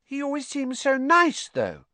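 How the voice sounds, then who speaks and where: A man's voice: sits high, wildly swooping pitch, unhurried, no echo, pitched above the performer's own voice, full character voice. A man voicing an anxious, uncertain young schoolgirl with pigtails.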